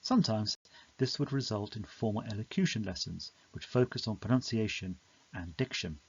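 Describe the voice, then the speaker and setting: Male narrator for a study video, measured and explanatory, slightly dull lo-fi sound. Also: lowish voice, gravelly, slightly rough. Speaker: teacher explaining a poem. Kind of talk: scripted educational narration.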